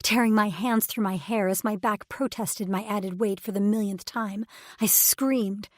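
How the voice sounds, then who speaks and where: A woman's voice: mid-range voice, fairly even intonation, measured pace, no room sound, clean studio sound. A woman reading a first-person romance audiobook in an intimate, emotive way. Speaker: audiobook narrator.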